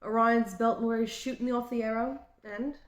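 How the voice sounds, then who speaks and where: A woman from Australia in her late twenties or thirties, with an Australian accent, talking in a halting and reflective way in a personal vlog. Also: on the high side, steady tone. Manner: halting and reflective, with frequent restarts. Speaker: vlogger. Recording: roomy echo.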